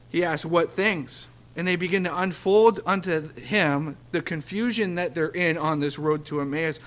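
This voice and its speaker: A man's voice: high-pitched, moderate pace, a bit bright. A man preaching a conversational sermon, laughing often and acting out the dialogue from scripture.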